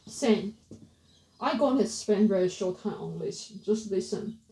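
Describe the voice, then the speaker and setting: A woman teaching pronunciation, repeating words slowly and correcting herself as she goes, in a casual lesson. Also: mid-range voice, animated, vocal fry, warm tone. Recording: roomy, slightly distant mic.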